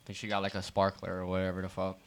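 A man co-hosting a podcast, telling a profane, animated story about his restaurant job with lots of fillers. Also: deep voice, racing. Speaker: podcast co-host. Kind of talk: casual storytelling rant.

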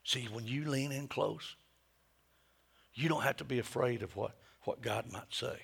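A middle-aged male pastor preaching a sermon, moving between hushed whispers and loud, emphatic peaks. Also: mid-range voice, measured pace, vocal fry, slightly rough.

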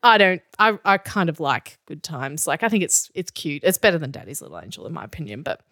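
A woman's voice: deep voice, sing-song, fairly quick, fairly bright tone, no echo. A woman co-hosting a podcast, chatting enthusiastically and laughing often. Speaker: podcast co-host. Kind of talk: casual chat about musical theatre.

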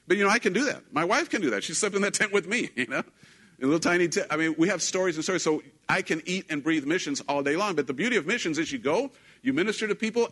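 A male pastor delivers a sermon in a relaxed, conversational way, with a voice at an ordinary middle pitch. He jokes about himself and grows animated when he quotes. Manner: self-deprecating humor with laughs.

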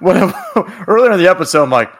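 A man's voice: high voice, lively intonation, quick pace, a bit bright. A man co-hosting a podcast, chatting casually and profanely about a TV episode and laughing often. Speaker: podcast co-host.

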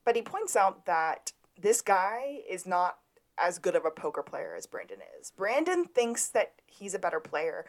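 A woman's voice: fairly low pitch, big pitch swings, measured pace. A woman co-hosting a podcast, casually recapping a TV episode from her notes and laughing along. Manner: retells scenes from notes, laughing often. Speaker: podcast co-host.

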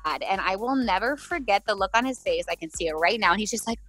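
Animated young woman telling a story. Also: medium pitch, fast, soft background music. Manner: animated, laughing, acts out quoted voices. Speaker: singer-songwriter guest. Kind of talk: casual storytelling on a video call. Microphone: video call.

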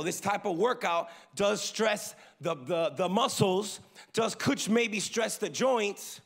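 A male pastor preaching a sermon, calling for amens from the congregation and moving between loud emphasis and quiet asides. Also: high voice, creaky. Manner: preaching with call-and-response to the congregation.

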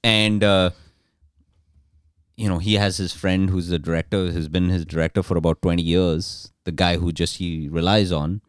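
Low-voiced man telling a rambling story. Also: steady tone, normal speed, clean tone, no room sound, studio quality. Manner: rambling, restarts, crude jokes. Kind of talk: casual storytelling chat.

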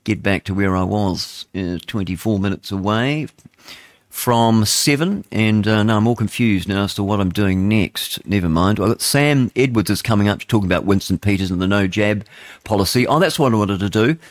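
A New Zealand man hosts live talk radio from a studio, rambling and opinionated, full of fillers and chuckles. His voice is lowish, at normal speed, with no echo.

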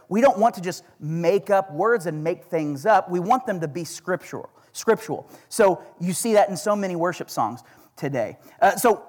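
A high-pitched man with an Oklahoma accent preaches a relaxed, conversational sermon. He slows down to read scripture aloud with weight on each phrase. His delivery stays easygoing between the readings. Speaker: pastor.

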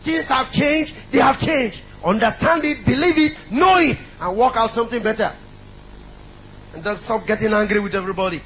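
A man's voice: very high voice, moderate pace, fairly bright tone, slight background noise, rough recording. A middle-aged man preaching a sermon, emphatic and repetitive, calling out to the congregation.

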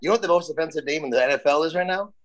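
Sports radio co-host, man, rambling joker, provocative, slightly high voice. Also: very fast, highs cut off. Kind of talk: casual sports radio banter.

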